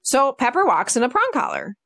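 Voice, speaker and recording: A woman's voice: high-pitched, fairly quick. Chatty woman dog trainer telling stories. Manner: lively storytelling, acting out her dogs' reactions. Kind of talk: casual podcast conversation.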